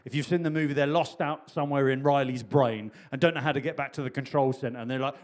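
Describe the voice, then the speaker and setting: A man's voice: medium pitch, brisk, few pauses. A man preaching a sermon in a chatty, humorous way, repeating key phrases for emphasis. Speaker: pastor.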